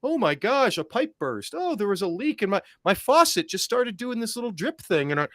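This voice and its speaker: A man doing a high-pitched, sing-song mocking impression of a scientist who shrugs off a catastrophe. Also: sing-song, a little fast, a bit bright, no echo, studio quality.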